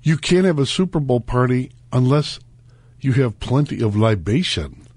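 Jokey, rambling radio host, dry sound. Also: male voice, medium pitch, lively intonation, moderate pace, a little mellow, breathy edge, no echo. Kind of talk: casual radio banter. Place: radio studio. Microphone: studio mic.

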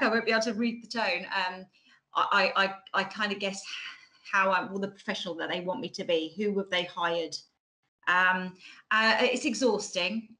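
A woman's voice: medium pitch, pushed and bright, rough recording. A woman in her forties with a Bracknell Mockney-style accent, giving a chatty conference talk online with many ums and restarts, over a computer mic. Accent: Bracknell, Mockney-like estuary. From England. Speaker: conference speaker.

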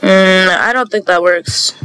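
A woman's voice: mid-range voice, a little slow, a bit bright, slight background noise, low-quality recording. A woman chatting casually while playing a video game. She sings along to songs between her remarks. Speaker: gamer.

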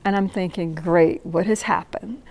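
Animated woman telling a story. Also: lowish voice, moderate pace. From North Carolina. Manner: animated, asks the audience questions. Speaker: poet giving a talk. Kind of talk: storytelling talk to an audience.

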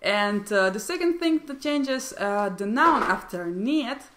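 A woman's voice: fairly high pitch, animated, fairly bright tone, slight background noise. A woman with a Russian accent, a native Russian speaker, teaching a language lesson and carefully repeating example phrases. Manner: slow, deliberate repetition of example phrases.

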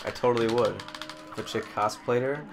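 A man's voice: medium pitch, brisk, creaky, background noise. A young man co-hosting a co-op let's play, swearing, joking and panicking in casual gaming commentary. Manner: profane, excitable, joking banter.

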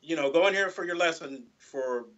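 A man with a fairly high, bright and forceful voice talks loosely in a casual interview. He rambles, restarts and leans on "you know" again and again. His audio comes through dull and lo-fi. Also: normal speed. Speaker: guest guitarist.

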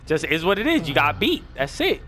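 Excitable, profane man gaming with friends. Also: on the high side, fairly quick. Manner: excitable, profane, laughs a lot. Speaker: gamer streamer. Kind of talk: casual gameplay chat with teammates.

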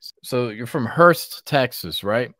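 A man hosting a casual podcast conversation, telling animated stories and laughing often. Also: mid-range voice, a little slow, no room sound, studio quality. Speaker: podcast host and barber.

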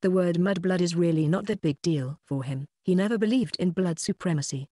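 An audiobook narrator reading a story in a steady, uninflected synthetic voice. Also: mid-range voice, fairly quick, no echo, clean studio sound. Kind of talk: scripted narration.

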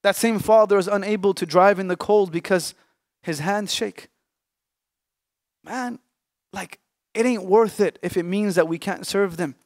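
High-voiced man preaching an emotional sermon. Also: dry recording, clean studio sound. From Canada. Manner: emotional, emphatic preaching with hushed pauses. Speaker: Islamic scholar. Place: mosque or lecture hall.

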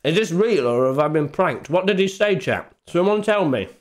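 A young British streamer chatting casually, excitable and bewildered. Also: male voice, on the high side, normal speed.

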